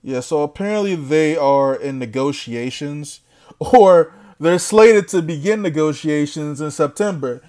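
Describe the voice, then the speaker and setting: A man ranting casually to the camera as a boxing commentator. He is blunt and trash-talking and laughs often. His voice sits a bit high for a man. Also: lively intonation, measured pace, pauses often, darkish tone.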